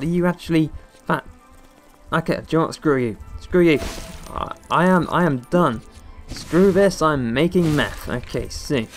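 A man giving casual, jokey commentary over a video game, rambling and talking back to the characters on screen. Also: fairly high pitch. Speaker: gaming channel host. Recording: faint game music behind the voice. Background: faint game music.

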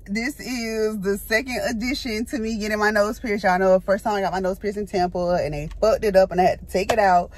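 A young woman in a casual vlog to camera, slangy and animated, calling her viewers y'all and jumping to high squeals when nervous, recorded on a phone. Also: no echo. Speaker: vlogger.

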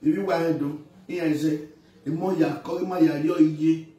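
A high-voiced man with a Nigerian Pidgin accent, ranting with emphatic pleas that climb into shouts. He is recorded from a distance in a very echoey space. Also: steady tone, moderate pace, dull audio. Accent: Nigerian Pidgin, Edo. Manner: pleading, emphatic, rising to shouts. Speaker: actor. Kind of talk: impassioned rant.

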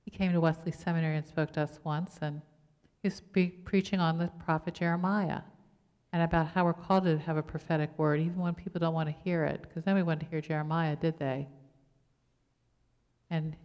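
Low-voiced woman pastor preaching in a reverberant church. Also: fairly even intonation, a little fast, a little mellow. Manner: conversational preaching with rhetorical questions. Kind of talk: sermon. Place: church sanctuary.

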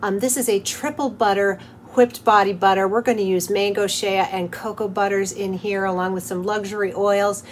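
A woman's voice: medium pitch, fairly even intonation, normal speed, few pauses. Middle-aged woman, friendly chatty tutorial host, mid-range voice, slight background hiss. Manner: cheerful and chatty, with soft laughs. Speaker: host of a soap-making channel. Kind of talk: craft tutorial, talking through steps.

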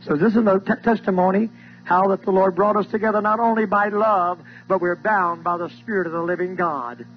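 An older man giving an emotional church testimony, fervent and preacherly, repeating key lines, recorded on a dull old tape with faint music behind. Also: high voice.

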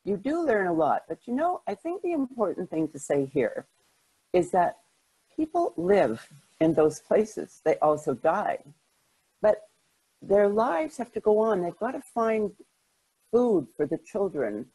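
An older woman with a husky, breathy voice tells stories from her working life. She talks in a lively way, often restarting her sentences and laughing at herself. Her pitch sits in the middle of the range. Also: a little slow, poor audio. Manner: lively anecdotes, frequent restarts and self-deprecating laughs. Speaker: guest, journalist. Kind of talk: storytelling interview answers.

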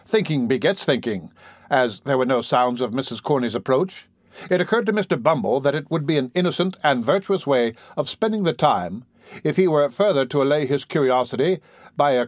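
Male audiobook narrator, measured theatrical reading, mid-pitched voice, dry sound. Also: lively intonation, no echo. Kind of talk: scripted narration.

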